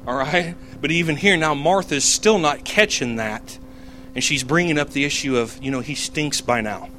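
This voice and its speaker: A man's voice: on the high side, normal speed, bright, forceful tone, slight background noise. Conversational man teaching from the Bible. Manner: conversational, with fillers and self-corrections. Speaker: preacher.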